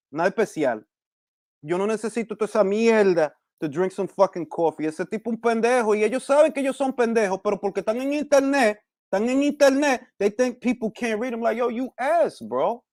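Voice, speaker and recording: A man's voice: high voice, a little mellow, no room sound, studio quality. A man hosting a boxing talk podcast in a casual, profane rant full of street slang, slipping into Spanish phrases now and then. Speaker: podcast host.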